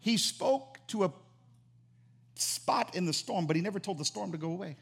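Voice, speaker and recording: A man preaching a sermon as pastor, animated and emphatic, repeating phrases for emphasis. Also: sits high, moderate pace, vocal fry, breathy edge.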